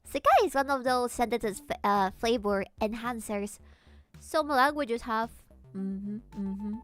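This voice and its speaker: A Latin American VTuber streamer chats casually while playing a game, rambling and swearing freely. Her voice is fairly high and measured in pace, with faint music in the background.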